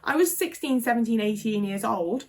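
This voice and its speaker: A young woman talks straight to camera in a casual confessional vlog. She is blunt and sweary and peppers her sentences with "like". Her voice sits a little high. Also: lively intonation, moderate pace. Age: 20s. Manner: frank and sweary, with lots of "like". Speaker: vlogger.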